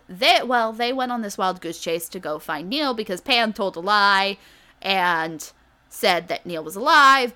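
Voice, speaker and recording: Bright-voiced woman recapping with sarcasm. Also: medium pitch. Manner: sarcastic, acts out characters' lines in quick voices. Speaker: podcast co-host recapping a TV episode. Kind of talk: casual comedic recap chat.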